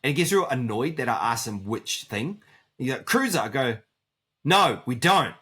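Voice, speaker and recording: A man with a husky, slightly breathy voice talks casually as a podcast co-host. His pitch moves around a lot as he tells work stories and acts out both sides of each exchange. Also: lively intonation, moderate pace, a bit bright. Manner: storytelling, acts out customer exchanges. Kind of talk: casual chat.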